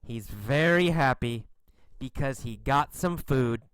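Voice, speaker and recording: A man narrating a short story for English learners, slow, clear and expressive. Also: medium pitch, no echo.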